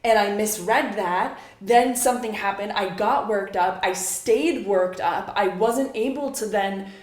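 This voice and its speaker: A woman's voice: mid-range voice, unhurried, reverberant. A woman co-hosting a casual podcast conversation, reflecting and prompting her partner with questions. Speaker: podcast co-host.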